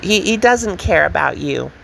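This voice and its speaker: A woman's voice: on the low side, expressive, unhurried, creaky, a bit bright, a little hiss or hum. A woman co-hosting a reaction show, giving blunt, indignant commentary and swearing freely. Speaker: co-host reacting to online posts.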